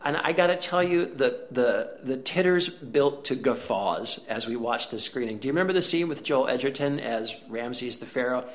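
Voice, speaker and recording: A man hosting a movie podcast, reviewing films in casual chat, wry and chatty with frequent filler pauses. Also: mid-range voice, lively intonation. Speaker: podcast host, film critic. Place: empty office room.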